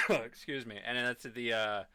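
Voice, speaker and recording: A man co-hosting a gaming podcast in casual chat, animated and rambling with lots of fillers. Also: mid-range voice, measured pace, smooth. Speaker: podcast co-host.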